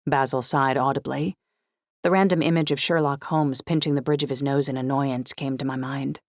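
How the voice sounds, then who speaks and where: A woman narrating a novel in the first person, with an even, steady reading. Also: low-pitched, brisk, no room sound. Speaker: audiobook narrator. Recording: dry close studio audiobook.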